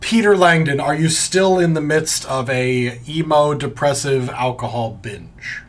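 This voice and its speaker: A man's voice: a little high, measured pace. A man narrating a tabletop space game as game master, joking and laughing easily.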